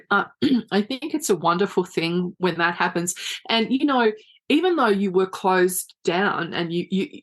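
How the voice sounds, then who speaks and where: A middle-aged woman, a psychic medium guest on a podcast, speaking in a gentle, reflective way with plenty of 'you know'. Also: lowish voice. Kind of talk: casual podcast interview.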